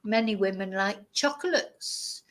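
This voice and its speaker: Woman, language teacher, slow deliberate pace, careful pronunciation drills. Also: medium pitch, a bit bright, poor audio. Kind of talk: bilingual vocabulary lesson.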